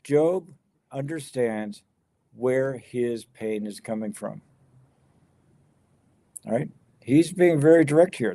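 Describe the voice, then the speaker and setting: Mellow-voiced man teaching scripture. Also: medium pitch, expressive, slow, pauses often. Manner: conversational, paraphrasing scripture in first person with many restarts. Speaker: Bible teacher. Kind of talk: verse-by-verse Bible study talk.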